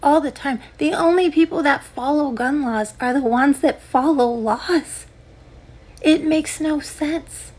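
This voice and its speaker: A young American woman hosts a podcast, aiming a sarcastic, combative comedic rant directly at her listeners. Her voice is high-pitched with a darkish tone, and she speaks slowly.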